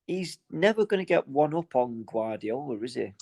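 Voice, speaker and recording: A man co-hosting a casual football podcast, animated and swearing, often trailing off mid-thought. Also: medium pitch, moderate pace. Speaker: podcast co-host.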